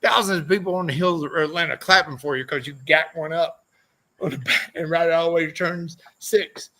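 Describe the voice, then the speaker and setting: A man with a high, gravelly voice spins loose, swearing-heavy racing tales in a casual podcast chat. His tone is bright and sharp, and his stories wander from one anecdote to the next. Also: brisk, rough recording. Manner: profane, rambling anecdotes. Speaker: podcast guest, former motorcycle racer. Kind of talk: casual storytelling interview.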